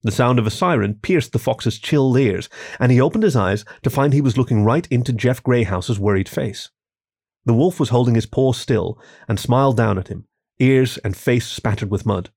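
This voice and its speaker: A man reading a story aloud as scripted narration, calm and even, giving the characters gentle voices. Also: mid-range voice, normal speed, vocal fry, dry recording, clean studio sound. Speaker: story reader.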